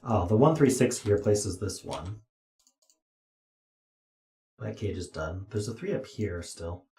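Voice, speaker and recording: A man's voice: on the low side, animated, takes it slowly, mellow. Tired man muttering through a puzzle. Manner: muttering, self-talk with dry asides. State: tired, yawning. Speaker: puzzle streamer. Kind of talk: thinking aloud while solving a puzzle. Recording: roomy echo.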